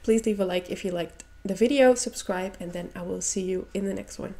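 A woman hosting a reaction video, talking in a soft, earnest and emotional way. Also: medium pitch, brisk, creaky. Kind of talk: casual reaction commentary.

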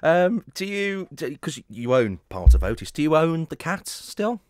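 A man's voice: fairly high pitch, sing-song, unhurried, darkish tone, clean tone, no echo, clean studio sound. A man in his twenties hosting a podcast, chatting fondly and reminiscing with his guest. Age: 20s. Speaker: podcast host. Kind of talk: casual interview chat.

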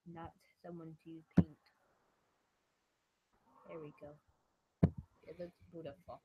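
A young woman whose voice is hoarse from being ill, muttering casual, self-mocking commentary as she draws. She talks slowly, and the sound is dry and close with no room around it. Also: low-pitched, dry recording, muffled recording. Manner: self-deprecating, mumbling, swears casually. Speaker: vlogger drawing on stream. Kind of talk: casual solo commentary while drawing.

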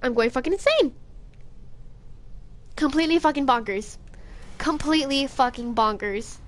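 A woman's voice: high voice, expressive, normal speed, slight background noise. A young woman streaming a game, giving frantic, profane, jittery commentary.

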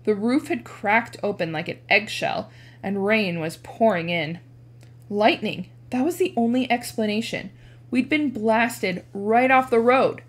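A woman teacher reading a chapter book aloud with expressive narration. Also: a little slow. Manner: animated, changes pitch for dialogue.

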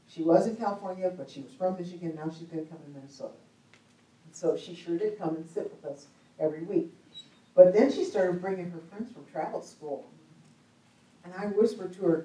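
A woman's voice: on the low side, normal speed, long pauses, fairly bright tone. Chatty woman preaching in an echoey hall. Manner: chatty, humorous, laughs often. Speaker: speaker at a church conference. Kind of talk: storytelling sermon talk. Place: church hall. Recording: echoey hall, mic at a distance.

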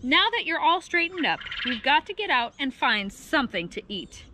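A woman's voice: sits high, sing-song, moderate pace, a little hiss or hum, full character voice. A woman doing a fussing mother hyena. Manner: warm scolding, motherly.

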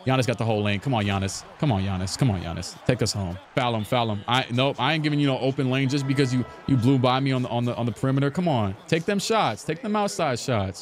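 A man's voice: medium pitch, quick pace, hardly any pauses. Trash-talking young male gaming streamer. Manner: trash-talking, repetitive, taunting. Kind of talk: live game commentary.

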